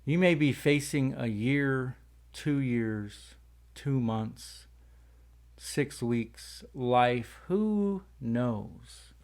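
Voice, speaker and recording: A man's voice: mid-range voice, expressive, drawn-out words, a little mellow. A man hosting a casual talk show, rambling and folksy while talking around tobacco in his mouth. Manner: rambling, folksy, says "y'all". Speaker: host.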